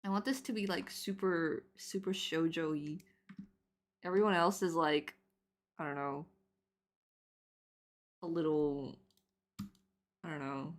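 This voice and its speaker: A woman in her twenties chatting casually while she draws on stream, rambling with lots of fillers and laughing loudly and often. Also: low voice, steady tone, takes it slowly, long pauses. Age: 20s.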